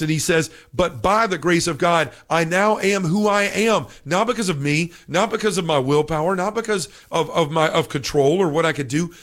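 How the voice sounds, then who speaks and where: A man teaching on scripture in a fervent, excitable way, quoting passages as he goes. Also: a little high. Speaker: podcast preacher.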